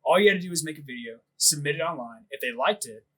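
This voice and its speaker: Male podcast host, slightly higher voice, rambling profane storyteller who laughs a lot. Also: animated, fast talker, fairly bright tone, rough recording. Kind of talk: casual storytelling chat.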